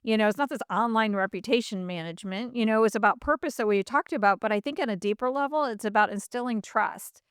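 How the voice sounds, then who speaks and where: A middle-aged woman hosts a podcast in a fairly high voice, telling her story in a lively, chatty way full of fillers and little acted-out quotes. The sound is dry and close, with no room around her. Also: quick pace, hardly any pauses, smooth, no echo. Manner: animated, acts out quoted voices, many fillers. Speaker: podcast host. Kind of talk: casual storytelling in an interview.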